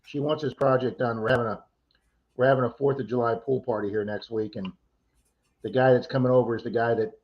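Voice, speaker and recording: A man's voice: medium pitch, steady tone, quick pace, lo-fi sound. A man co-hosting a casual livestream, chatty and teasing as he reads out viewer names. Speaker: livestream co-host.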